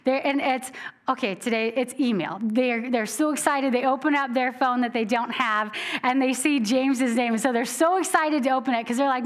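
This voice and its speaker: A woman preacher giving a church sermon in a conversational, animated way, often laughing between points. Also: high voice, moderate pace.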